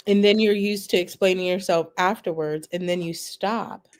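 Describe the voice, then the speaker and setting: A woman co-hosting a podcast and working in ministry, telling stories in a wordy, deliberate way. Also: lowish voice, steady tone, darkish tone, a little hiss or hum. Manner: wordy storyteller, deliberate phrasing. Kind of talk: casual chat.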